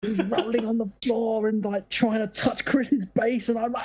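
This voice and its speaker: Excitable man, chatting. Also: high voice, normal speed, husky. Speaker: guest musician. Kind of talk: casual storytelling.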